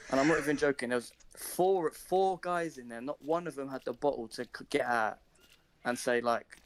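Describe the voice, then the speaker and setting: A young man on a live stream, telling a story casually, swearing a lot and acting out his own shouting. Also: mid-range voice, brisk.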